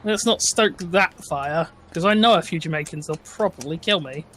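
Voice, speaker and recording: A man's voice: a little high, moderate pace, fairly bright tone, slight background noise. A man talking casually with friends during a game session, rambling and laughing often. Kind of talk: casual chat.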